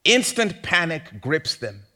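Lively, high-voiced man preaching a sermon. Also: takes it slowly. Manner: animated, playful, mimics panicked voices for laughs. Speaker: pastor.

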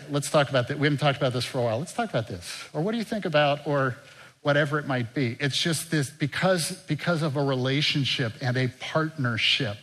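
An older man preaching a sermon as pastor, in an earnest, conversational way that drops soft and quiet. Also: mid-range voice.

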